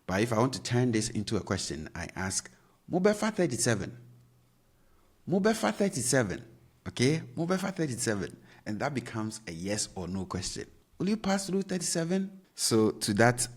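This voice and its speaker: A man's voice: sits low, husky. A man teaching a language lesson, patiently repeating each phrase and acting out questions with exaggerated rising tones.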